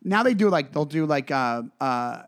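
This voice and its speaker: Cast a slightly higher-voiced man as a rambling podcast co-host, heavy on filler words. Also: animated, normal speed. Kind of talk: casual comedic chat.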